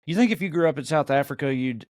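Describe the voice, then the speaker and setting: A man's voice: a little high, expressive, no room sound, studio quality. A man with a Southern US accent, co-hosting a podcast in loose, rambling banter full of fillers. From American South. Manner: rambling, drawn-out thoughts with many fillers. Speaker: podcast co-host.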